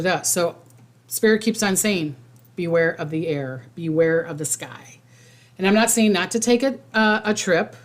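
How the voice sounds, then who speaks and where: A woman hosting a casual psychic livestream, rambling with restarts and fillers and reading viewer comments aloud. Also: lowish voice.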